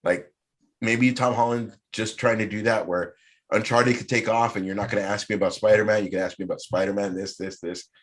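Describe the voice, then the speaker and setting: A man hosting a podcast in casual chat, animated and swearing freely as he riffs. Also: lowish voice, a little fast. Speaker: podcast host.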